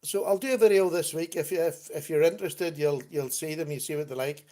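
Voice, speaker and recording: A man's voice: on the high side, a little fast, mellow. Man hosting a casual livestream chat. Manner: chatty, laughs often, reads out viewer comments. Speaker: livestream host. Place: at home at a computer.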